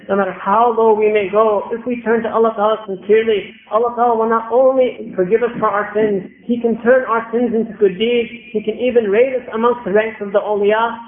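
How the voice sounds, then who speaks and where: A man's voice: sits high, phone-quality sound. Male preacher, storytelling sermon; earnest and emphatic, echoey, phone-thin recording.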